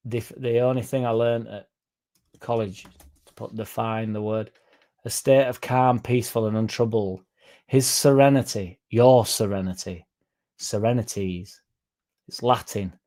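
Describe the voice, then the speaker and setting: A man hosting a fan livestream, rambling through deadpan jokes and chatting to the chat. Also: lowish voice, a little slow. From Leeds, England. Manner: rambling deadpan joking, dropped articles. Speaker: fan channel livestream host. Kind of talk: casual livestream chat reading the chat.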